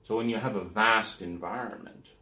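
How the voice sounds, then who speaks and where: A man's voice: on the low side, moderate pace, sharp tone, roomy sound. A man giving a rambling lecture, trailing off into fillers and "da, da, da.". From United States. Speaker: speaker on relationships.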